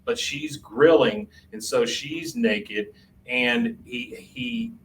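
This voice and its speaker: A man retelling an episode step by step, laughing along as he goes. He sits back from the mic, with a faint hiss under his voice. His pitch sits in a middle range. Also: takes it slowly. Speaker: podcast co-host. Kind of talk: casual episode recap. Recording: distant mic with faint noise.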